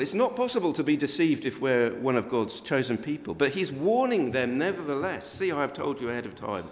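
An older man delivers a sermon with a fairly high voice. He talks conversationally, then lifts his voice sharply for emphasis. The sound carries a long reverb from a church hall. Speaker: preacher.

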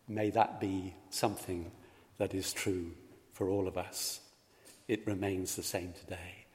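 A man's voice: deep voice, fairly even intonation, measured pace. A man preaching a sermon, telling a story and speaking in a pastoral, reflective way to the congregation. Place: church. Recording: long hall reverb.

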